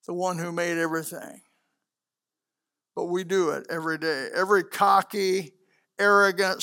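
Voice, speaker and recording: A male preacher giving a sermon to a congregation, swinging from loud declarations to hushed asides. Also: sits high. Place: church hall with a congregation.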